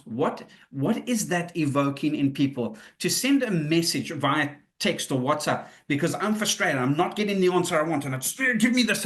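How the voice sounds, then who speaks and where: Man presenting a webinar. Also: fairly high pitch. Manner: conversational, acts out quoted questions and replies. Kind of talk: live webinar talk.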